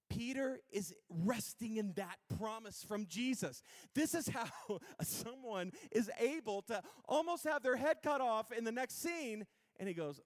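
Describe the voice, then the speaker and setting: A male pastor giving a casual, conversational sermon, swinging from hushed, intimate lines to loud, emphatic ones and getting the congregation to repeat words after him. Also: very high-pitched, very animated, unhurried, few pauses.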